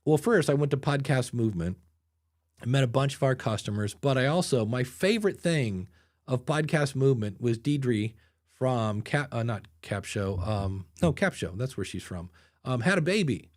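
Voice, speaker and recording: A man's voice: mid-range voice, expressive, normal speed. A man hosting a podcast in casual chat, a chatty storyteller who acts out the people he quotes. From Ohio. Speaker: podcast host.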